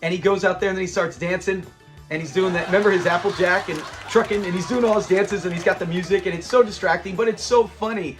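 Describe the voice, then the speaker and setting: Casual male reviewer, high-pitched, animated recap delivery with frequent laughs. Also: fast talker, faint music behind. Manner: animated retelling, laughs often, mimics lines. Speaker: show reviewer.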